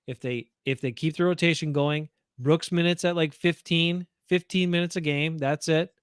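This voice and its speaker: A man's voice: fairly high pitch, steady tone, normal speed, smooth, no room sound, clean studio sound. A man co-hosting a casual sports chat, blunt and opinionated, rambling through his points. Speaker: podcast co-host.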